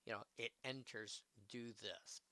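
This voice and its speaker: A man with a gravelly, crackly voice reads card text out loud on a live stream in a slow, unhurried way. His tone is bright and forward, with quick asides between the cards. The sound is dry and close, with no room around it. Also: mid-range voice, fairly even intonation, dry recording. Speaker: streamer opening card packs. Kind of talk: casual live-stream commentary.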